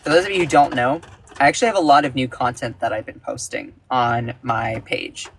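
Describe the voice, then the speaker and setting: A man's voice: fairly even intonation, brisk, fairly bright tone, slight background noise. Emphatic man commenting on a livestream. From United States. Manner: emphatic and indignant, with big jumps in pitch. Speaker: political commentator.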